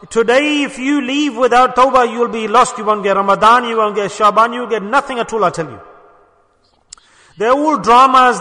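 A man's voice: high-pitched, sharp tone. A man preaching a sermon at a mosque gathering, impassioned and urging his listeners with rhetorical questions. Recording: reverberant hall.

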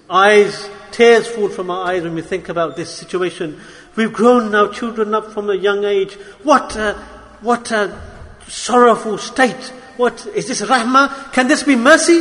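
A man's voice: high voice, unhurried, a bit bright, in a large hall. A man preaching an emotional sermon to his brothers, pleading and impassioned, his voice rising and falling sharply.

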